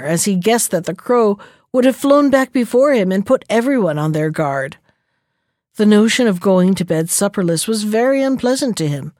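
A woman's voice: on the high side, a little mellow, no room sound. Woman reading a fable, dry sound. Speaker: storyteller. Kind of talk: storybook narration.

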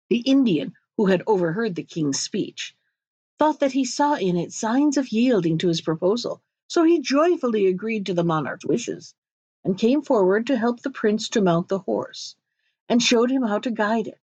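A woman narrates a fairy tale in a measured, expressive reading. Her voice sits a little high. The recording is dry and somewhat lo-fi. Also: no echo. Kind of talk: storybook reading.

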